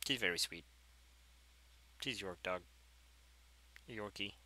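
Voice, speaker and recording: A man chatting casually over his gameplay, rambling and easily excited. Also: on the low side, slow pace, a little hiss or hum, low-quality recording. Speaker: gameplay video creator.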